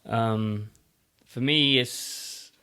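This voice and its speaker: A man, a boxer, speaks on a casual podcast. His tone is earnest and reflective, and he leans on fillers as he gathers his thoughts. His voice sits in an ordinary middle pitch. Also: drawn-out words, bright, forceful tone, smooth. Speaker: boxer guest.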